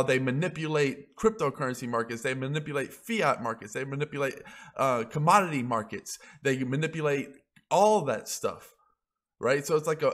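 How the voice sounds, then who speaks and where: A man's voice: medium pitch, a bit bright. A man blogging about crypto in a casual ranting monologue, heated and profane, rambling as he goes.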